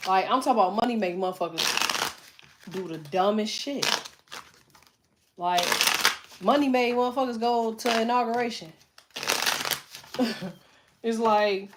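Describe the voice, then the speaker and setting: A woman's voice: a little high, normal speed, long pauses, a little hiss or hum. A middle-aged woman hosting a tarot livestream, chatting casually straight to her viewers in a blunt, profane, emphatic way. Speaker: tarot reader and livestream host.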